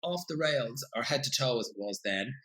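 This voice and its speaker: A middle-aged Irish man telling stories as an interview guest, animated and swearing freely as he acts out what people said. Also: medium pitch, moderate pace, poor audio. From Ireland. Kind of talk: casual storytelling interview.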